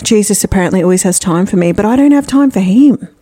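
Sweary woman, lively pitch. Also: fast. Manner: crude, sweary storytelling banter. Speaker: podcast co-host. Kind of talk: casual chat.

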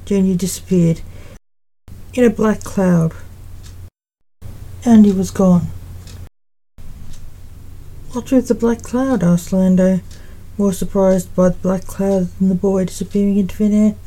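A woman reading a fan fiction story aloud in a plain, unhurried storytelling manner. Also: medium pitch, level tone, dark tone, poor audio. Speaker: story reader.

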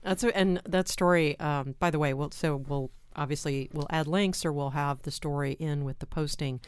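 Low-voiced woman hosting a talk. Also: clean tone, dry recording, clean studio sound. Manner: guiding, asks prompting questions. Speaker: host. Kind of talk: casual interview chat.

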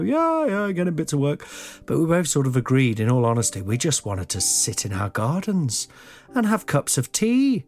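A man hosting a solo podcast in a rambling, chatty, self-mocking way, often laughing and breaking into silly voices. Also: medium pitch. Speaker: podcast host.

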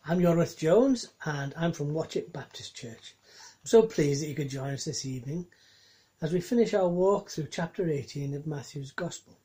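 A man preaching a reflective sermon in a mellow, warm voice. He reads scripture and puts gentle questions to his listeners. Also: on the high side, expressive, normal speed. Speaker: pastor.

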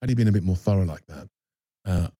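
A man with a very low, dark, husky voice talks through a painful memory. He halts often, repeats words and restarts his sentences. The sound is dry and close. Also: fast talker, no room sound. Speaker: actor guest. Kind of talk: candid personal storytelling.

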